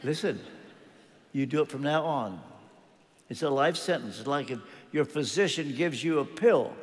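A man's voice: a little high, expressive, normal speed, long reverb tail. An older man preaching a sermon, telling a story and acting out what the characters said, his emphasis rising and falling. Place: church.

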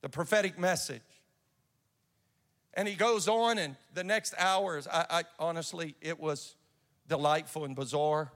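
A man's voice: fairly high pitch, a little slow, a bit bright, in a large hall. A man preaching a sermon and telling a personal story in an earnest way, often restarting his sentences. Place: church sanctuary.

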